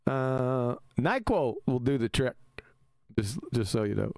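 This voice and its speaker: Emphatic man hosting a lively stream. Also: mid-range voice, no echo. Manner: emphatic, argumentative, quick to laugh. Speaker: live-stream host. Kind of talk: casual live-stream chat.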